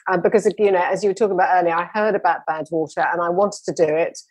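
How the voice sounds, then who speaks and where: A woman's voice: lowish voice, steady tone, fast, slightly rough, no room sound. A woman telling her running story with enthusiasm, rambling a little as a guest in a conversation. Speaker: interview guest.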